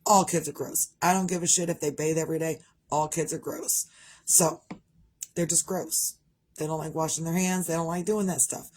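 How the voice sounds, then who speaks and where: Middle-aged woman, low-ish voice, candid rambling vlog chatter. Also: fairly even intonation, fairly quick, darkish tone. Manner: rambling, candid, conversational with frequent restarts. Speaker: parent vlogger. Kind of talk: casual personal vlog monologue.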